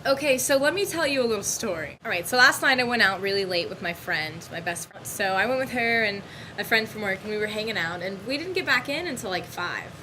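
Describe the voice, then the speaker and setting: A young woman vlogger telling a story about her bad day in a casual, animated, exasperated way. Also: mid-range voice, quick pace, a little hiss or hum, rough recording. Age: young adult.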